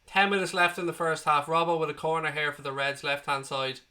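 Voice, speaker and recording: A man hosting a live football watchalong, calling the play and chatting with viewers, excitable and prone to swearing as he cheers. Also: fairly high pitch, fairly quick. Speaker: watchalong host. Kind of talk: live match commentary and chat. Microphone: desk microphone.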